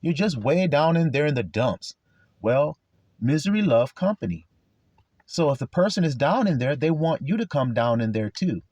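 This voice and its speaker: Husky, lively preacher man, blunt and profane. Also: on the high side, moderate pace, no room sound. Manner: blunt and profane, acts out quarrels in voices. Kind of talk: sermon.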